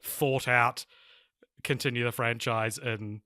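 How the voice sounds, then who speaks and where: A man's voice: medium pitch, fairly even intonation, takes it slowly, pushed and bright, no echo, clean studio sound. A man co-hosting a film podcast, chatting casually with wry, sarcastic asides. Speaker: podcast co-host. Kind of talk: casual film review chat.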